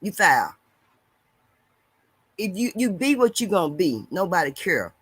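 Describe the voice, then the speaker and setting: High-voiced preachy man on a live stream. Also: big pitch swings, a little slow, breathy edge, dry recording. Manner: loud, preachy, swings between shouting and mumbling. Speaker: live streamer reading viewer comments. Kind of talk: casual live-stream chat.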